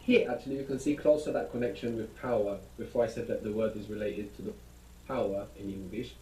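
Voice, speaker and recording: Mellow male teacher on echoey playback. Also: lowish voice, steady tone, fast talker, recorded from a distance, slight background noise. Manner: patient, explanatory, guiding questions. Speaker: language teacher. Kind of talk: recorded audio lesson. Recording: echoey audio played from a speaker across a room.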